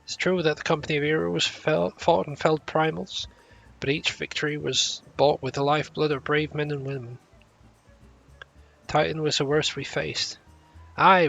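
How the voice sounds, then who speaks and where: A gravelly, stern old sea captain from a fantasy game, put on by a man reading along. His talk is formal and old-fashioned, with a rough fry in the voice and a bright, forceful edge. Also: medium pitch, highs cut off. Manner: formal old-fashioned speech, stumbles over words.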